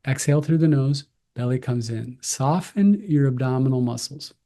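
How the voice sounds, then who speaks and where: A man giving slow, calm, gentle breathing cues as a breathwork instructor. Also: medium pitch.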